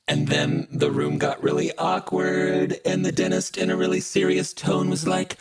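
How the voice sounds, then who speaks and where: A man's voice: a little high, fairly even intonation, normal speed, vocal fry, hardly any pauses, low-quality recording. A man casually telling comic childhood anecdotes, wry and playful, acting out the voices of the people in his stories. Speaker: comedic storyteller. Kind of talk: casual comedic storytelling. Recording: loud music under the voice.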